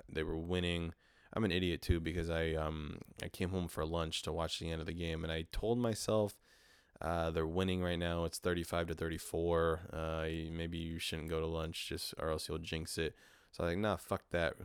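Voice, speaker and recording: Man, very deep monotone voice, smooth, frustrated rambling, swearing, low energy, casual podcast host. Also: no room sound, clean studio sound. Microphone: handheld portable recorder.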